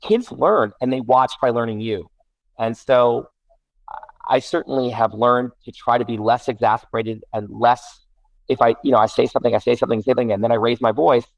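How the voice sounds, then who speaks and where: A man's voice: mid-range voice, a little fast, no echo, dull audio. A middle-aged man, a guest parent, telling a casual story with many restarts and self-corrections. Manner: rambling, self-correcting, animated.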